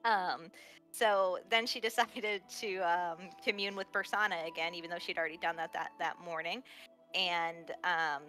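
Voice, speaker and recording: Woman, lowish pitch, bright sharp tone, chatty recap, faint music. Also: fairly even intonation, moderate pace. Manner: chatty, with frequent fillers and laughs. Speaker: player giving a recap. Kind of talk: casual session recap.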